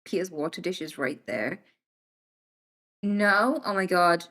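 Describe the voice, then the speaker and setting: A woman's voice: on the low side, takes it slowly, bright, forceful tone. Blunt, chatty British woman streamer. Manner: blunt and chatty, swears freely, drifts between jokes and serious points. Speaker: livestreamer answering chat. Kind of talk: casual live-stream chat.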